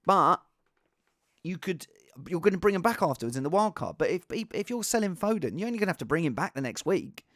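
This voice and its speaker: Animated, gravelly Englishman chatting. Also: high voice, fast talker, no echo, clean studio sound. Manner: animated, rambling, with restarts and asides. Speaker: fantasy football vlogger. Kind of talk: casual solo chat.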